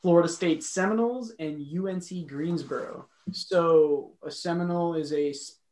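Chatty, animated male podcast co-host. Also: on the high side, moderate pace, low-quality recording. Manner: enthusiastic, rambling, joking. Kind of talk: casual chat.

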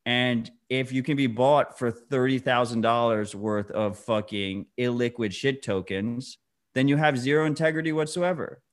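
A man's voice: medium pitch, fairly even intonation, moderate pace. Blunt, heated man cohosting a podcast. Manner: blunt, heated, swears a lot. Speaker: podcast co-host. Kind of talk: casual chat.

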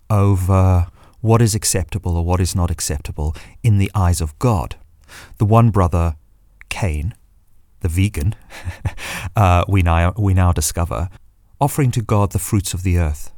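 A man talks through a reflective solo monologue with a low, deep voice. He muses and searches for his words, and sometimes reads passages aloud. The sound is dry and close, with no room around it. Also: darkish tone, no room sound. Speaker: podcast host.

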